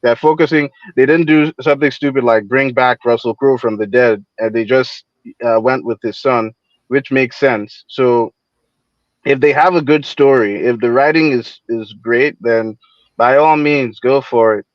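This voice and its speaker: A man's voice: mid-range voice, fairly even intonation, no room sound. A man calling into a livestream, talking casually with many restarts and getting heated as he makes his point. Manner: halting, repeats words, gets heated. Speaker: stream guest. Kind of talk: casual call-in commentary. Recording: dull, dry lo-fi call audio.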